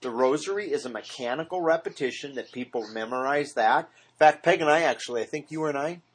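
A man's voice: mid-range voice, fairly quick, breathy edge. A man teaching a small Bible study in earnest, often asking the group questions. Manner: earnest, asks the group questions, mimics repetitive praying.

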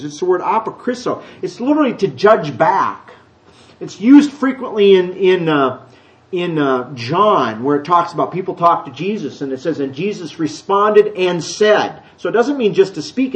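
A middle-aged man preaching a conversational sermon in church. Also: high voice. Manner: conversational, animated, acts out children's voices. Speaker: pastor. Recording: dull lo-fi church recording.

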